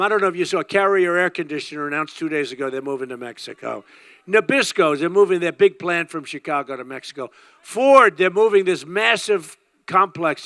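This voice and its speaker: An older man's high, bright voice delivers a rally speech in dry, close sound. He talks in emphatic, rambling bursts and hammers the same phrases again and again. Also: no echo. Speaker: political candidate.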